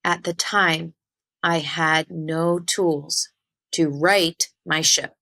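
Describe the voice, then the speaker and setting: Woman, low voice, spiritual medium, earnest storytelling, talks to listeners directly, slows on key words. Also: fairly even intonation, gravelly, pushed and bright, poor audio. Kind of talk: personal storytelling monologue.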